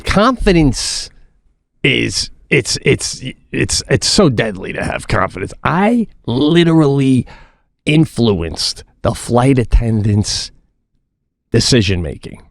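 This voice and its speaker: A man co-hosting a podcast, telling a casual story in an animated way, swearing and restarting his sentences. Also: mid-range voice, slow pace, vocal fry, no echo, clean studio sound. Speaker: podcast co-host.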